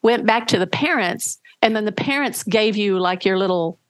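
A woman coach talking in a casual podcast conversation, acting out quoted voices with lively swings. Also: mid-range voice, normal speed, smooth, no echo. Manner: animated, acts out quoted voices. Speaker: podcast guest, relationship coach.

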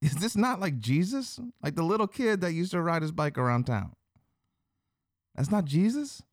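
A man voicing a baffled, gossiping townsman who fires off disbelieving questions in a squeaky voice. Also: very animated, moderate pace, dry recording, clean studio sound. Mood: incredulous.

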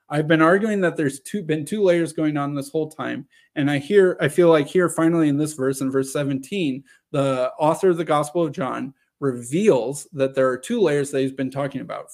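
A man's voice: on the high side, a little mellow. Earnest man lecturing on scripture. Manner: earnest, argumentative, lecturing with quick asides. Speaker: religious presenter. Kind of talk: explanatory Bible teaching talk.

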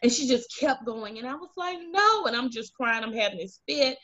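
Over muffled, lo-fi video call audio, a woman from Alabama shares her story as an interview guest, earnestly acting out the voices of people she describes. Her fairly bright, high-ish voice is expressive and moves a little fast.

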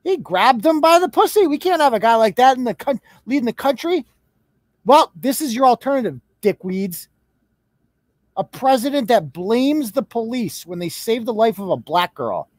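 Guy ranting on his live show, swears a lot, sarcastic, pitch jumps all over, dry dead sound. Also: expressive, moderate pace, no echo. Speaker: host.

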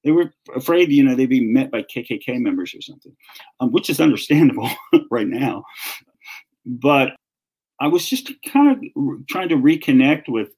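A man in his fifties from North Carolina with a Southern accent, answering an interview question as an author and music journalist, relaxed and storytelling, often restarting his sentences. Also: mid-range voice, moderate pace, husky, poor audio.

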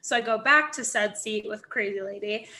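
Bright-voiced young woman telling a story. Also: mid-range voice, moderate pace. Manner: animated storytelling with voiced quotes, frequent "like" and swearing. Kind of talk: casual chat.

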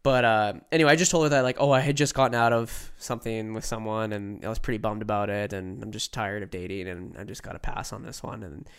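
A man's voice: on the low side, fairly even intonation, fast, few pauses, smooth. A young man co-hosting a podcast, telling a long story in a loose, rambling way. He fills his sentences with "like" and "right?" and acts out what other people said. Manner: acts out quoted voices while telling stories. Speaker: podcast co-host. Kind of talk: casual storytelling chat.

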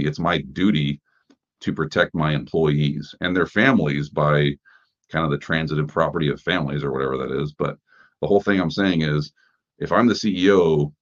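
A man hosting a podcast, giving casual news commentary in a conversational way, asking rhetorical questions and using plenty of fillers. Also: very deep voice. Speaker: podcast host. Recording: dull lo-fi sound.

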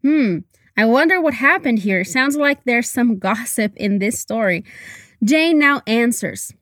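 A high-pitched woman leads a language lesson with repeat-after-me drills and coaches pronunciation carefully and encouragingly. She speaks slowly and takes her time over each word. Her voice sounds dry and close, with no room echo. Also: lively intonation, fairly bright tone. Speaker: English teacher.

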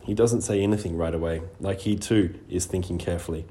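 A man narrating a first-person story in a steady, even reading voice. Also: low voice, fast. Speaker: audiobook narrator.

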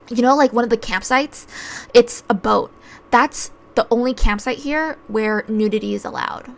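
A woman's voice: fairly high pitch, moderate pace, gravelly. A woman telling a personal travel story in a casual, chatty way, wry and full of filler words.

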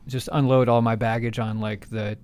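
A man's voice: medium pitch, level tone, normal speed, a little mellow. A man from the United States hosting a casual podcast chat, easygoing with dry jokes and plenty of fillers. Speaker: podcast host.

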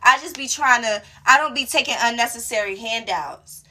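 A woman's voice: fairly high pitch, normal speed. A young woman hosting a radio talk show, telling a story casually and acting out each person's lines. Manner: animated, acts out dialogue in different voices.

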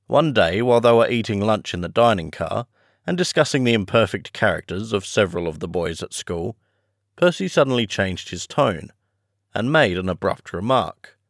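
A man narrating a classic story as an audiobook podcast host, measured and friendly. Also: on the low side, animated, dry recording, clean studio sound.

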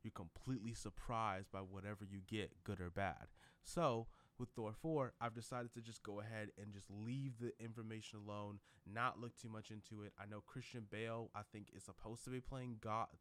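A man's voice: fairly low pitch, steady tone, moderate pace, fairly bright tone. A man vlogging in a casual, rambling way, with lots of fillers and restarts. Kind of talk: casual commentary vlog.

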